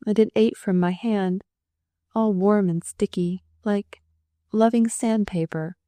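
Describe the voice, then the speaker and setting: A woman's voice: mid-range voice, fairly even intonation, takes it slowly, mellow, dry recording, lightly acted. A woman voicing a timid, earnest young female nurse in an audiobook, stammering and plaintive. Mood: distraught. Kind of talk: audiobook character voice.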